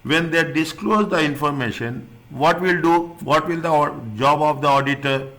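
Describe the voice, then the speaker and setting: A man's voice: fairly high pitch, moderate pace, bright, forceful tone. A man tutoring an accounting class. He repeats his points, rephrases often and keeps checking that students follow. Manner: restarts and rephrases often, non-native phrasing. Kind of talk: classroom lecture.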